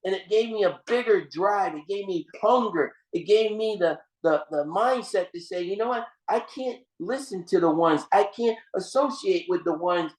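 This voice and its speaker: A man's voice: sits high, moderate pace, few pauses. Man giving a fiery motivational talk. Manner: preachy, repeats phrases, calls listeners "gang"; storytelling with restarts and emphatic swings. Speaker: seminar speaker. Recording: roomy echo.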